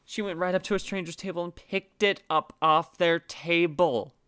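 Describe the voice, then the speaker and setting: A man's voice: fairly high pitch, fairly even intonation, normal speed, pushed and bright, clear, resonant tone. A man narrating a story casually, with wry, swearing asides.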